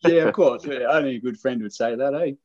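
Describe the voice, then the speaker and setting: A middle-aged man, excitedly telling a hunting story on a casual podcast. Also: mid-range voice, a little fast, highs cut off. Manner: animated, excited storyteller, acts out quoted lines.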